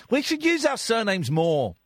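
A man's voice: very high-pitched, sharp tone, no echo. Guy hosting late night phone-in radio, bouncy voice all over the place, dry studio sound, jokey and rambly. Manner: jokey, slips into mock advert voices and accents, many restarts. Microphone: studio microphone.

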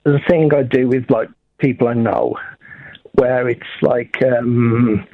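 A man joins the radio chat in an easygoing way, mostly with short replies. His voice is husky and mid-pitched. The recording is dry and slightly dull. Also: steady tone, slow, no echo. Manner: easygoing, brief agreeing replies.

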